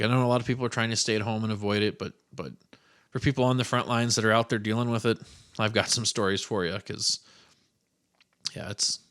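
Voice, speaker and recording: A man's voice: on the low side, a bit bright. A man hosting a solo podcast, telling stories in a loose, rambling way with casual swearing. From American Midwest. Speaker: podcast host.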